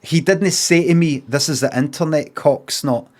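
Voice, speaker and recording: With a slightly high voice, this Scottish streamer tells a story in a loose, profanity-laced rant, quickly switching between both parties in an argument.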